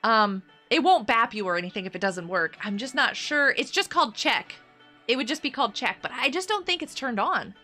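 A woman's voice: on the high side, animated, brisk, bright, forceful tone, soft background music. A woman streaming a game live, chatting with her viewers in a bubbly, giggly way. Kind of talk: casual live-stream chatter while gaming.

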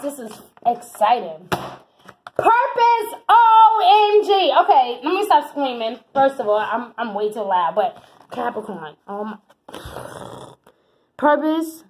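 A woman's voice: fairly high pitch, slight background noise, poor audio. A woman giving a tarot reading in an exuberant, emphatic way, repeating phrases for emphasis. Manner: exuberant, emphatic, breaks into laughs and whoops. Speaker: tarot reader.

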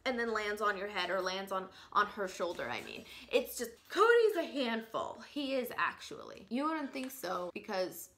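Chatty woman rambling with a bright voice. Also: mid-range voice, lively intonation, moderate pace, a little hiss or hum. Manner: rambling, filler-heavy chatty talk. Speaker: parrot channel vlogger. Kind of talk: casual storytelling vlog.

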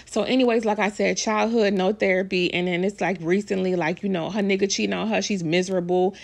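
Gravelly-voiced woman ranting about gossip. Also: mid-range voice, fairly even intonation, fairly quick, darkish tone. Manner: blunt, profane, emphatic ranting. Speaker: vlogger commenting on celebrity news. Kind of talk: casual celebrity gossip commentary.

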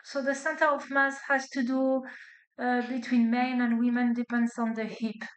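This classroom physics lecture comes from a woman whose voice is a little high, holds fairly flat in pitch, and moves at normal speed. A non-native accent colors her English, and she checks her students' understanding with frequent "okay?" and "right?" as she goes step by step. The recording has the echo of a lecture hall.

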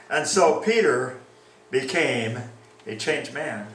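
Animated preacher in an echoey church. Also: male voice, high-pitched, moderate pace, distant mic. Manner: animated preaching, acts out quoted scripture. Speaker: pastor. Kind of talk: sermon.

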